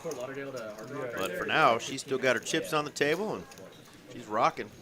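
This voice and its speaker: A man doing live poker commentary in an upbeat, chatty way, giving shout-outs to the viewers. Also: medium pitch, measured pace.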